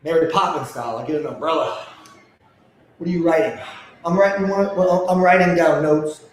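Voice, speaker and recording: Hoarse, high-voiced man yelling play-by-play. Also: moderate pace, slight background noise. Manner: yells hype often, rambles between plays. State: hoarse, losing his voice. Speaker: livestream host. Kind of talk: excited fan play-by-play commentary. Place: indoors at home. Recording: very echoey room.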